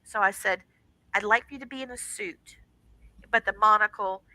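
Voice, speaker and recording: A middle-aged woman, a guest on a radio show, telling a personal story in a casual, animated way and acting out the voices in it. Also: medium pitch, moderate pace, no echo, rough recording.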